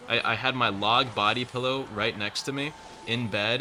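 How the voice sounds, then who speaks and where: A man talking over his gameplay with a bright, forward voice, trash-talking his opponent and ranting in mock outrage. He swears freely and jokes in a deadpan, sarcastic way. Faint game music plays behind him. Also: mid-range voice. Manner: rapid, sarcastic and profane, with joking rants. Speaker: gaming streamer. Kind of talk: live gameplay commentary.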